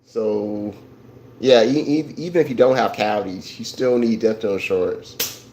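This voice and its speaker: Speaking to his chat on a casual livestream, a male host rambles, repeats himself, restarts his thoughts, and chuckles at viewers' messages. His voice sits on the low side at a normal speed, with a noisy background.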